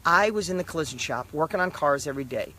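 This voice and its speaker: Middle-aged male motivational speaker, high voice, punchy repeated lines, direct to camera. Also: lively intonation, fast. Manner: emphatic, repetitive, swings loud and soft.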